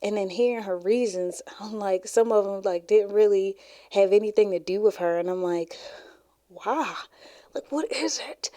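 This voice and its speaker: A woman's voice: medium pitch, warm tone, no echo, studio quality. A woman hosting a podcast, telling stories in a chatty, rambling way full of "like" fillers. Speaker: podcast host. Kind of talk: casual storytelling.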